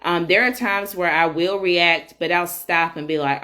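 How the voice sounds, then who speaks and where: A woman's voice: lowish voice, steady tone, moderate pace, sharp tone. A woman in her thirties hosting a casual solo parenting podcast, chatty and candid with frequent fillers. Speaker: podcast host.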